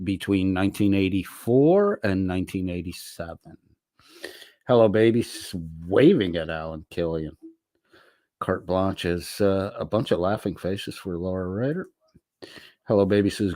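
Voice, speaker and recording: Low-voiced man riffing on chat. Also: a little mellow, dry recording, studio quality. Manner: profane, wisecracking, reads comments aloud with quick asides. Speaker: livestream host reading chat. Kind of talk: casual chat reading viewer comments.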